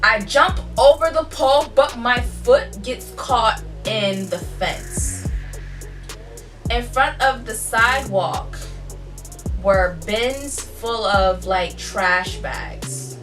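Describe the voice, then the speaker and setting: A young woman vlogger telling a personal story in a candid, profane, animated way. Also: on the high side, extremely slow, distant mic. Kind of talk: casual storytime. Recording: voice off-mic with faint music.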